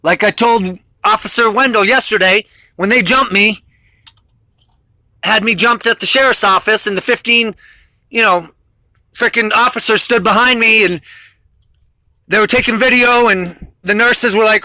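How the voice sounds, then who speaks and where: Vlogger, male, high and bright voice, defiant and rambling, intense delivery. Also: moderate pace, pauses often. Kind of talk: rambling monologue to camera.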